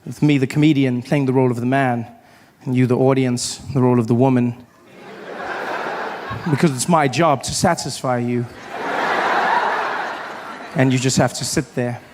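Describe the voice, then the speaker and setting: A young man performing a stand-up comedy set, telling animated stories and acting out other voices, on a stage microphone before a live audience. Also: medium pitch. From South Africa. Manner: animated storytelling, acts out voices, quick asides. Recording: live stage audio with background noise.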